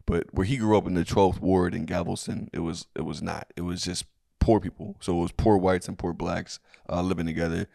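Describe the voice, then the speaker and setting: Male podcast co-host, very low with a gravelly edge, loose and profane. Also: fairly even intonation, a little fast, hardly any pauses, warm tone, dry recording, clean studio sound. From family from a third world country. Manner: laid-back, crude, many fillers and restarts. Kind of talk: casual comedy podcast chat.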